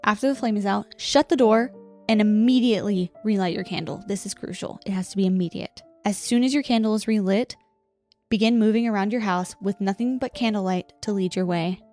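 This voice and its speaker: A woman co-hosting a podcast, reading out spooky game rules slowly and deliberately between casual chat. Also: mid-range voice, mellow, faint music behind. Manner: reads rules slowly and deliberately, laughs often. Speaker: podcast co-host.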